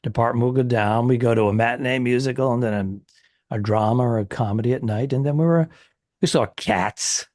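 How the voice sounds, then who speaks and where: A middle-aged man co-hosting a comedy podcast, chatting in a relaxed, reminiscing way with fillers. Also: mid-range voice, fairly quick, no echo, studio quality. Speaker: podcast co-host. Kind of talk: casual chat.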